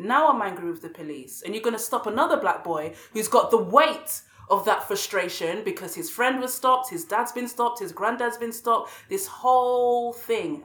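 A woman's voice: medium pitch, a bit bright. A woman, a podcast guest speaking passionately and repeating words as she gets worked up. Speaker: podcast guest, radio show host. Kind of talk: conversational interview. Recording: roomy echo.

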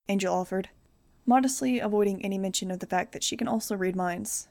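Young woman reading a novel out loud, steady and plain, middle pitch, dry close sound. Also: brisk, no echo. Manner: steady, plain first-person storytelling. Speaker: audiobook reader. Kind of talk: amateur audiobook narration.

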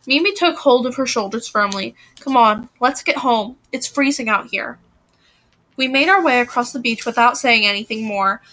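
A young woman with a high, bright voice reads a novel aloud. She gives the dialogue lively emphasis, rising sharply when characters shout. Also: moderate pace. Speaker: reader of a novel.

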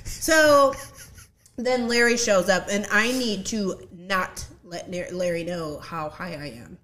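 A young woman telling a story in casual chat, animated and acting out the quotes, laughing often. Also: medium pitch, slow. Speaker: podcast guest.

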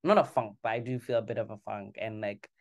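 A woman with a strikingly deep, low voice, talking as a podcast co-host. She chats casually and keeps a relaxed, thoughtful tone. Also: quick pace. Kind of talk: casual chat.

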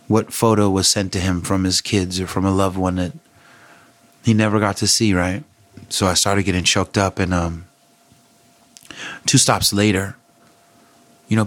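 Middle-aged man, lowish voice, candid vlogger storytelling, dry close sound. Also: no echo. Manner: candid, conversational, thoughtful, with frequent fillers. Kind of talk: reflective personal storytelling.

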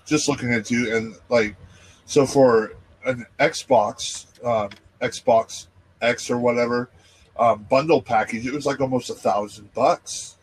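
A man's voice: medium pitch, steady tone, unhurried, a little hiss or hum. A man co-hosting a podcast who talks with lots of fillers and restarts and groans at the jokes. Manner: hesitant, many fillers and restarts. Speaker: podcast co-host. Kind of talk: casual chat.

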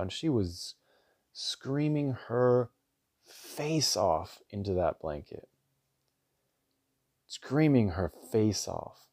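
Speaking at a measured pace, the man's low, dark-toned voice is expressive and recorded cleanly in a studio with no room sound. He's a father in his thirties hosting a podcast, rambling earnestly through a family story with restarts and a steady stream of "like."

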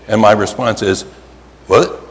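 A man with a Pennsylvania accent preaches a sermon, his voice at an ordinary middle pitch. He tells it as an animated story and slows down to lean on emphatic words. The sound rings with a long hall reverb over faint room ambience. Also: a little hiss or hum.

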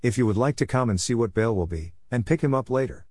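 A man's voice: mid-range voice, lively intonation, fast, darkish tone, no echo, studio quality, lightly acted. A man voicing a businesslike policewoman who gives a father plain instructions in a spoken story.

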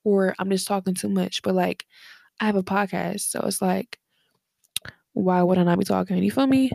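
Her mid-range voice is creaky and mellow, with fairly even intonation and a normal speed. She's a young podcast host, tired and slightly breathless, chatting late at night from her bedroom in a rambling, slangy way packed with fillers, using headphones and a desk mic.

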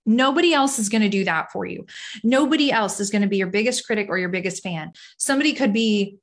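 A middle-aged woman speaks at home in a loose, rambling way, full of fillers and asides. She is candid and a little self-mocking, and she gently urges her listeners on. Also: mid-range voice, lively intonation, fast talker. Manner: chatty and rambling, lots of "like" fillers; candid, self-deprecating, encouraging. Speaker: faith-based self-esteem speaker. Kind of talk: casual talk to camera. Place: home room.

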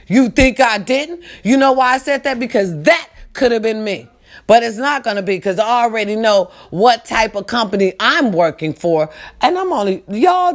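A woman hosting a podcast, ranting in a casual, emphatic way, swearing freely and talking straight to her listeners. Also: a little high. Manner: emphatic, profane, addresses listeners directly. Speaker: podcast host.

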